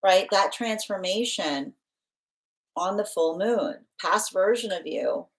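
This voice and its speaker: A woman's voice: medium pitch, expressive, slow pace. A woman giving a live tarot reading, talking in loose, rambling run-ons full of fillers and restarts, acting out what others might say. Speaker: tarot reader.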